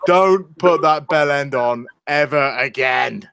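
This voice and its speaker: A man talking in a casual, crude, joking way, drifting off on tangents. His voice sits a little high for a man. The sound is dry with no room echo. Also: slow, creaky, fairly bright tone, clean tone. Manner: crude, jokey, goes off on tangents. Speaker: podcast co-host. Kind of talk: casual chat.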